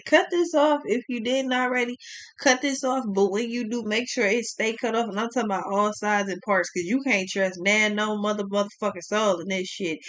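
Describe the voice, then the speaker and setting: A woman's voice: medium pitch, fairly bright tone. A young woman giving a blunt, profane tarot reading, exclaiming as she turns the cards. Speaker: tarot reader.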